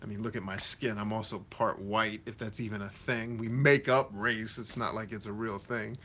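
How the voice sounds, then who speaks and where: A man with a fairly low, fairly bright voice and fairly even intonation hosts a casual livestream Q&A at a moderate pace. He reads viewer comments aloud and answers them directly, sounding slangy and conversational like a motivational coach.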